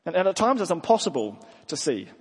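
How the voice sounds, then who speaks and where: A man's voice: fairly high pitch, sing-song, fast talker, slightly rough. A man preaching a sermon in an earnest manner, often restarting his words. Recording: long hall reverb.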